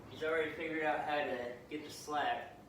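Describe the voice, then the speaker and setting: A man's voice: on the high side, steady tone, brisk, fairly bright tone. A young man, a dog trainer, talking casually through a vlog while coaxing a puppy with repeated calls, recorded outdoors on a camera mic. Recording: echoey and distant, with noisy outdoor ambience.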